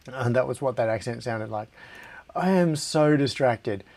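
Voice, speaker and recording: Slow-talking Australian man, laughs a lot. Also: medium pitch, a little mellow. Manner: distracted, laughs often, thinks aloud. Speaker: livestream host. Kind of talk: casual live-stream chat while working.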